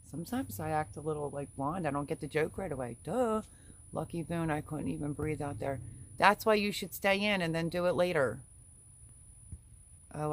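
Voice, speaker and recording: A woman's voice: low voice, slight background noise. A middle-aged woman hosting a casual livestream, chatty and giggly, reading viewer names aloud. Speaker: livestream host reading chat. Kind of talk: casual live chat.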